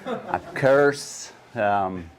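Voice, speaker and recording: A man with a deep Southern accent giving a brash, profane seminar talk, throwing rhetorical questions at a live audience. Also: very animated, drawn-out words. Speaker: guest speaker. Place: conference room with live audience.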